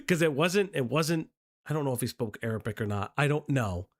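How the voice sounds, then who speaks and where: A streamer reacting to a clip with profane, animated outbursts. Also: medium pitch, a little fast. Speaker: commentary streamer. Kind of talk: reaction commentary.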